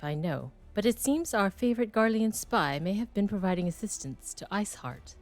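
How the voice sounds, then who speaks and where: A woman's voice: medium pitch, darkish tone, close to an everyday voice. A woman reading the lines of a courteous noble male knight commander, in formal, archaic game dialogue.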